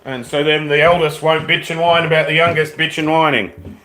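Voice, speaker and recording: A man's voice: on the high side, steady tone, moderate pace, sharp tone, slight background noise. A young Australian man hosting a casual live reaction stream from home, laid-back and swearing freely.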